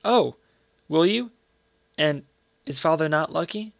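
Man playing an earnest young boy for a storybook reading, pitched up and eager. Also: animated, slow, creaky, dry recording, full character voice. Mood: curious. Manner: eager, high-pitched child's questions.

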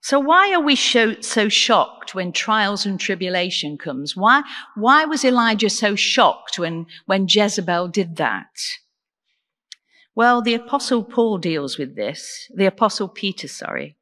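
A woman deacon preaching a sermon in an earnest, measured way, asking the congregation questions. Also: mid-range voice, sing-song, bright, forceful tone, in a large hall. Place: church.

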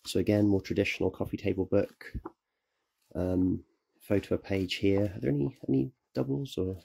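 A man's voice: deep voice, fairly even intonation, normal speed, creaky, mellow, breathy edge. A man who is ill, chatting casually through a how-to vlog as a photographer, rambling and correcting himself. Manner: rambling, self-correcting, apologetic. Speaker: photographer and self-publisher.

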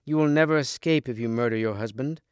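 A man's voice: medium pitch, quick pace, clear, resonant tone, no echo, studio quality, lightly acted. A man reading aloud as a frightened young lady's maid in a storybook, urgent and pleading.

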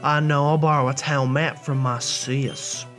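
A man voicing a cocky young male rival in a video game, with a smug, low, drawled taunting manner. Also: level tone, a little slow, a bit bright, faint music behind, natural voice.

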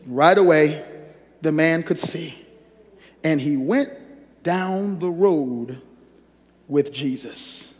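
A pastor preaching a sermon and reading scripture, with lively call-and-response that teases the congregation. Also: male voice, fairly high pitch, slow, pauses often. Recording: echoey hall reverb.

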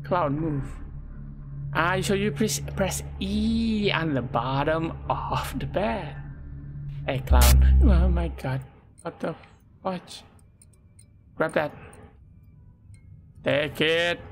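A man commentating a horror game let's play, excitable, swearing and yelping at scares, in non-native English. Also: on the high side, low-quality recording. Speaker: gaming YouTuber. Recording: loud game music behind.

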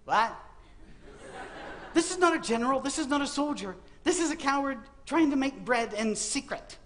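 A man's voice: very high voice, lively intonation, moderate pace, a bit bright, a little hiss or hum. A man giving a humorous sermon, telling a Bible story as comic stories and acting out the voices. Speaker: preacher. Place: university auditorium.

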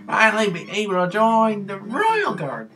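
A woman's voice: mid-range voice, very animated, normal speed, a bit bright, faint music behind. A woman voicing a boastful, vain young male skeleton in a fan dub of a game, making grand, bossy declarations.

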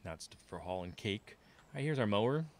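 Deep-voiced male streamer, casual running commentary while he plays. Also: animated, a little fast, a little hiss or hum. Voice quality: low voice. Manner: rambling, thinking aloud to viewers. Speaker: game streamer.

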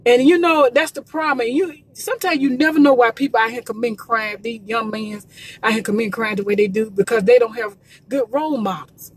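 A woman's voice: a little high, fairly even intonation, brisk, slightly rough, dry recording. A woman from Georgia, promoting gospel quartet music in an emphatic, repetitive, preachy live talk from her phone. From Columbus, Georgia. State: emotional, near tears. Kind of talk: live social media talk. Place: in a car by the road.

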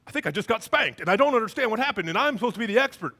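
A man's voice: sits high, animated, very fast, sharp tone, heavily acted. A preacher voicing a flustered, outwitted male religious expert who talks in a bewildered rush. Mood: baffled.

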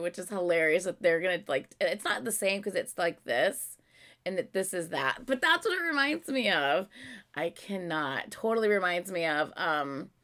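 A woman reacting to a music video in casual commentary, excitable and gushing, swearing often. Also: fairly low pitch.

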